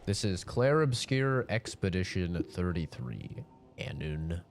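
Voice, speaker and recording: A man's voice: low-pitched, very animated, slow pace, over music. A sick young man with a nasal voice, chatting casually with his live-stream audience in a rambling, laid-back way.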